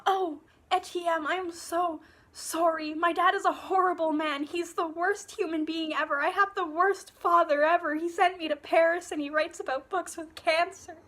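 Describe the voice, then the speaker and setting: A gushing, overwrought teenage girl, put on by a woman in a high, bright voice pushed loud and sing-song. She sounds mocking and over the top. It is recorded on a phone. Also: steady tone, moderate pace. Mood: mocking melodrama. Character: melodramatic whiny teenage girl.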